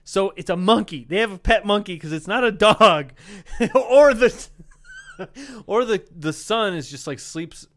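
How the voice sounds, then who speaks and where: A man's voice: sits high, a little slow. A man co-hosting a casual comedy podcast, reading out a listener's story with running jokes and laughter. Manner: animated storytelling, reads a letter aloud with quips and laughs. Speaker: podcast co-host.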